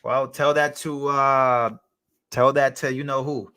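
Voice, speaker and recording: A man's voice: medium pitch, flat delivery, slow, pushed and bright, smooth. A young man hosting a live stream, chatting casually, reading out chat messages and thanking donors.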